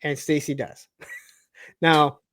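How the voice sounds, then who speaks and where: A man from the Detroit suburbs co-hosting a casual TV recap, telling the story in an animated way and acting out the characters' lines. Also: a little high, slow, no room sound. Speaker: podcast co-host.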